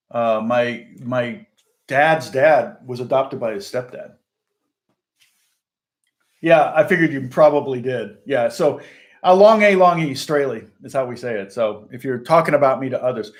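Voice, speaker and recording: Middle-aged male guitar host, fairly high voice, rambling, laughs a lot. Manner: rambling and chatty, laughs often. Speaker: guitar teacher and channel host. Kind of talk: casual livestream chat.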